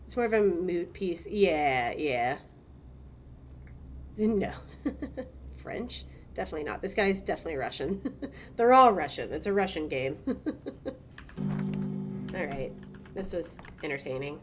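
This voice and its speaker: A woman's voice: low-pitched, lively intonation, a little slow, long pauses, soft background music. A young American woman streaming a game, chatting casually with viewers, laughing and swearing now and then. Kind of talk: casual gameplay commentary.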